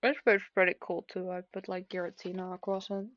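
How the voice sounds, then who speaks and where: Rambling young woman, halting vlog chat. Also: on the low side, flat delivery, a bit bright. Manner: rambling, halting, self-deprecating. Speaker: vlogger. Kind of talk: casual confessional chat. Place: at home, seated at a desk. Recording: dry, slightly dull lo-fi.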